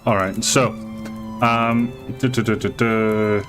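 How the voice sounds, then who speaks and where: A man narrating as game master of a live tabletop game, halting and full of fillers. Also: on the low side, little pitch movement, music in the background. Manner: halting, with many fillers and restarts.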